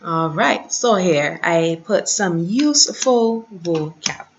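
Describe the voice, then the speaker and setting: A woman teacher talks slowly and patiently through a lesson, repeating each drill and cheering her students on. Her voice sits a little low. The sound is dull and lo-fi. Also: expressive, a little hiss or hum. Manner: patient, repeats conjugations, sudden laughs, encouraging. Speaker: French teacher.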